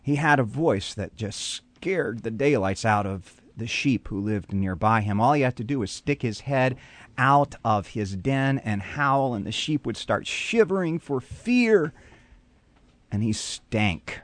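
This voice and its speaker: Male pastor, animated radio storyteller with a lively pitch and a dry, close sound. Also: unhurried, no echo. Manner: animated, dramatic storyteller with frequent repetitions.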